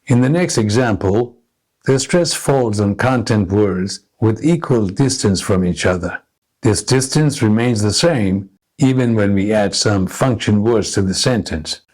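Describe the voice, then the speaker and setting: A man narrating a scripted English lesson, explaining pronunciation slowly and deliberately. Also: fairly low pitch, expressive, darkish tone. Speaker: English teacher.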